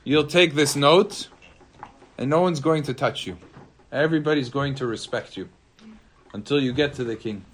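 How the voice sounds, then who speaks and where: A man voicing a wise, unafraid biblical king who speaks in a steady, authoritative, lowered voice. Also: moderate pace, pauses often, slight background noise, close to an everyday voice. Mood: reassuring.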